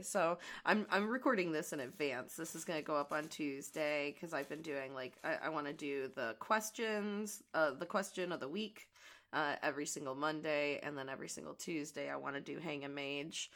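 A woman with a gravelly voice today, chatting casually and rambling as she crafts. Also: low-pitched, moderate pace, a bit bright. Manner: rambling and chatty, many fillers. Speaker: audio creator and crafting vlogger. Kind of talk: casual chat while crafting.

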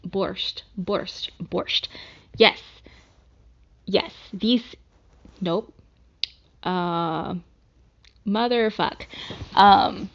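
A young woman from the American South drifts through a loose, unhurried ramble, cursing freely and laughing at herself. Her voice sits at an ordinary pitch, and the recording sounds dull and lo-fi. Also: gravelly. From Southern United States. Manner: rambling, swears often, self-deprecating. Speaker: vlogger. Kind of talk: casual rambling monologue.

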